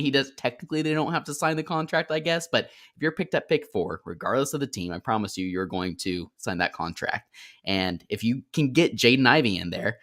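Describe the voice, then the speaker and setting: A man co-hosting a casual sports podcast, animated and jokey, bringing in comments from the live chat. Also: mid-range voice. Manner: animated, jokey, laughs at his own points.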